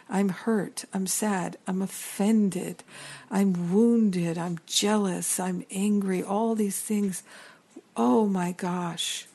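Middle-aged female spiritual teacher; warm, dark tone, earnest and reflective, stacks up long lists. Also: fairly low pitch.

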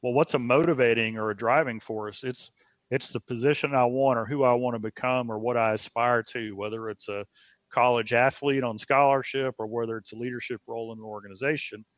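A man speaking as a guest on a podcast, explaining ideas in a slow, reflective way. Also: mid-range voice, steady tone, no echo. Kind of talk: casual podcast conversation. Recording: dry, slightly dull sound.

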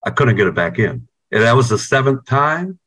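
This band's guitarist, a middle-aged New Yorker, is interviewed casually by video call and spins profane, meandering stories, often repeating words. He speaks at a normal speed in a medium-pitched, sing-song voice with a fairly bright tone.

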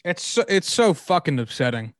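A man co-hosting a casual sports podcast, talking in an animated, exasperated way with swearing and sarcastic asides. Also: a little high, normal speed, no echo, clean studio sound. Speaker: podcast co-host.

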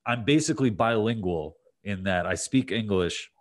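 Male podcast host with a very low voice, loose conversational delivery. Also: normal speed. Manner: rambling, many fillers and restarts. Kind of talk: casual conversation.

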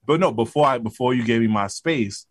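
A man's voice: mid-range voice, a little fast, no echo. A man co-hosting a podcast, arguing back in casual debate and often stumbling over repeated words. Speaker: podcast co-host.

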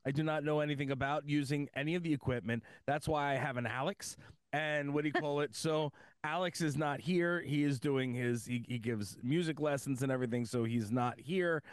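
A man's voice: a little high, fairly quick, clear, resonant tone, no echo, clean studio sound. A man from the US East Coast co-hosting a podcast in casual chat, rambling and joking about himself. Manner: rambling, self-deprecating, joking. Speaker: podcast co-host.

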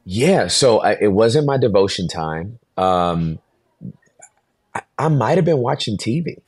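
Brief: man in his forties, very low voice, dry close sound, animated podcast storyteller. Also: unhurried, slightly rough, dry recording. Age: 40s. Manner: animated storyteller, acts out voices, laughs often. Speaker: pastor, podcast guest.

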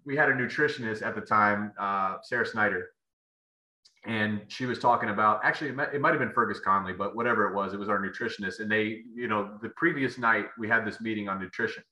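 Talking fast in a low-set, very bright and sharp voice, an ex-football player swaps stories of his playing days as a podcast guest. His casual storytelling wanders, with restarted sentences and plenty of fillers, while the room rings with echo.

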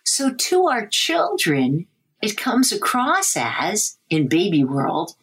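Lively expressive woman, husky and unhurried. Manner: animated, breaks into a high sing-song baby voice for examples. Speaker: language development researcher. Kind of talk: interview answers.

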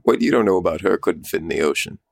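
A man's voice: deep voice, animated, fast talker, gravelly, full character voice. Man as a melodramatic, self-pitying shop owner, theatrical and weepy, for comic effect. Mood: dramatic.

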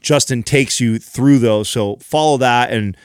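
A man's voice: medium pitch, a little slow, smooth, dry recording, studio quality. A man co-hosting a fitness podcast, explaining training tips in casual chat with frequent restarts. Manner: coaching, explains with repeated restarts. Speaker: podcast co-host.

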